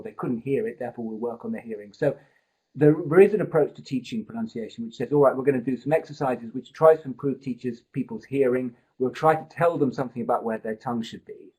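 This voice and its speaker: A man's voice: mid-range voice, dark tone, breathy edge, rough recording. Man explaining pronunciation on a web call. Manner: explanatory, thinking aloud with restarts. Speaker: pronunciation course tutor. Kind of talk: live online seminar talk.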